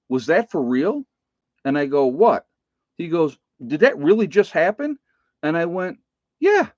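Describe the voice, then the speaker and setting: A man's voice: medium pitch, darkish tone, no room sound, muffled recording. A middle-aged man who works as a nurse, chatting casually to viewers about preparedness, stressing points and checking in with "okay?" and "folks". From United States. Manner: emphatic, repeats "okay?" and "folks". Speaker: nurse giving preparedness advice.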